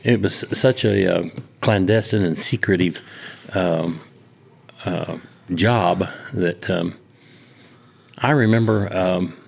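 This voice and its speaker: A very low-pitched older man speaks with an Oklahoma drawl. He tells his stories at an easy, unhurried pace, stopping often on fillers. It is a relaxed, conversational interview. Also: gravelly. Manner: slow, halting storyteller with many fillers. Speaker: hunting lodge owner, retired law officer. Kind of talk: casual storytelling interview.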